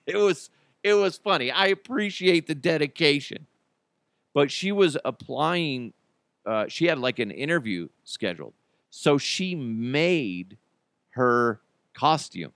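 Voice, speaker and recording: A man's voice: a little high, animated, takes it slowly, a bit bright, no echo. A man hosting a podcast in casual solo chat, rambling and joking with lots of filler words. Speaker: podcast host.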